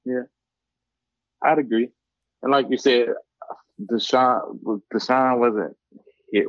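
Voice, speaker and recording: A man co-hosting a casual sports chat, excitable and slangy. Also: mid-range voice, takes it slowly, long pauses, dry recording. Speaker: podcast co-host. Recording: dull, dry, lo-fi mic.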